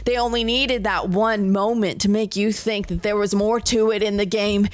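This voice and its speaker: A woman's voice: medium pitch, steady tone, unhurried, few pauses. A young woman streaming a horror game, exasperated and sarcastic, talking to her chat. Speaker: gaming streamer. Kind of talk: let's-play commentary.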